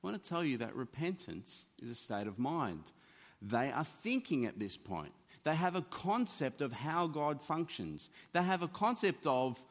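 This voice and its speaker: A man preaching a sermon in an animated, conversational teaching manner. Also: a little high, moderate pace. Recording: long hall reverb.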